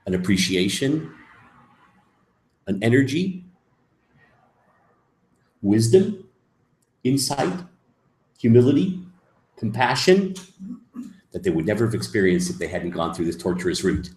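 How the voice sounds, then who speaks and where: A man teaching as a rabbi in a lecture, emphatic, moving between soft asides and loud, stressed points. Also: on the low side, big pitch swings, measured pace, pauses often. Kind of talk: lecture on Jewish mysticism. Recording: echoey room.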